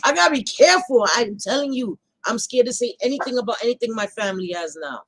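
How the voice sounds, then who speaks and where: A woman hosting a casual talk show, speaking bluntly, reacting out loud and swearing freely. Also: fairly high pitch, expressive, quick pace, a little hiss or hum, low-quality recording. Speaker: host.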